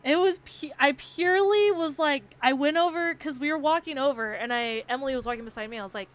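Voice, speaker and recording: A woman's voice: high voice, a little fast. A young woman chatting casually on a stream, telling funny stories with lots of laughter and swearing. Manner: giggly, swearing storyteller. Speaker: streamer co-host. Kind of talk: casual chat.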